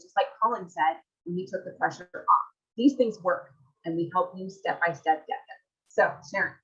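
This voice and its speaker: Low-voiced woman coaching on a webinar. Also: dull audio. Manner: reads audience comments, asks rhetorical questions. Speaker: marriage coach. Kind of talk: live webinar presentation.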